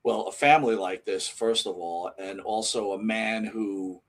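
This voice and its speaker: A man's voice: lowish voice, measured pace. A man co-hosting a wrestling podcast, asking enthusiastic, rambling questions. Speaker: podcast co-host. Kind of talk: casual podcast interviewing.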